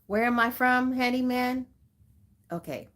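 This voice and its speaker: A woman's voice: fairly high pitch, unhurried, a bit bright. A woman from Southern California hosting a casual livestream, chatting and greeting viewers by name with frequent laughs. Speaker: livestream host.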